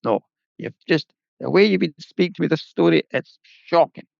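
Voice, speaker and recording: A man's voice: on the high side, lively intonation, normal speed, vocal fry, no room sound, voice pushed up. A Scottish-accented male storyteller voicing a proud, bitter man who lashes out indignantly. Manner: indignant, sharp outbursts. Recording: dull lo-fi, dry.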